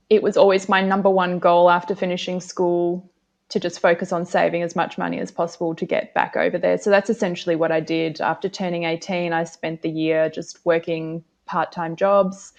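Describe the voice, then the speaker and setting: A woman from South Africa, a guest chatting casually in an interview, talking reflectively with pauses. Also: lowish voice, darkish tone.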